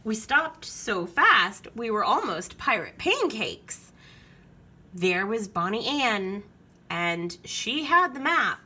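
Lady reading a picture book to kids, slow and breathy, super expressive. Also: on the high side. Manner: expressive storytelling. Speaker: children's book reader.

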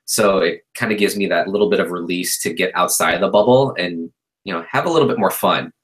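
Chatty man with a bright, forceful voice. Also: deep voice, a little fast, poor audio. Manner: relaxed, chatty storyteller with many fillers. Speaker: guest artist. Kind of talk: casual podcast chat.

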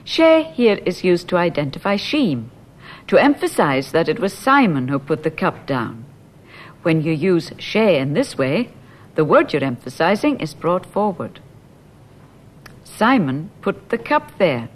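A woman narrates a language lesson in a somewhat low voice that rises and falls freely. She explains grammar points at an unhurried, deliberate pace. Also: big pitch swings. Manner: slow, clear, explaining grammar.

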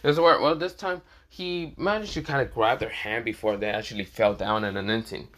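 A man's voice: medium pitch, a little fast, fairly bright tone. Man rambling through a story. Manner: rambling, full of fillers. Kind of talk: casual fan-fiction narration.

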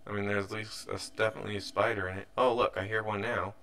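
A young man gives loose, rambling gameplay commentary as a let's play host, restarting his sentences as he goes. His voice sits fairly low but sounds bright and forward, with a mild thread of frustration running through it. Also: level tone, fast talker, vocal fry. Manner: rambling, self-correcting, mildly frustrated.

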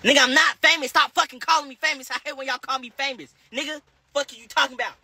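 A man's voice: very high-pitched, steady tone, fast talker, sharp tone. A man with a Southern American accent, a rapper talking on a phone livestream, rambling and profane as he answers his viewers' comments. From Charlotte, North Carolina. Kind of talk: casual livestream chat.

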